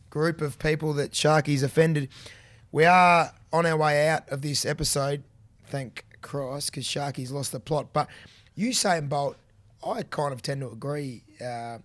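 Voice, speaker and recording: A man's voice: on the high side, dry recording. An Australian man co-hosting a running podcast, chatting casually and teasing his co-host. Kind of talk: casual chat.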